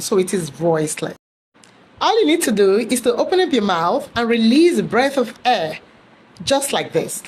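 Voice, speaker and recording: A woman leads a scripted pronunciation lesson, repeating each word slowly and with care. Her voice sits a little high and swings widely in pitch. A faint room ambience hangs behind her. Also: slight background noise. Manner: slow, deliberate drilling of words. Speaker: pronunciation teacher.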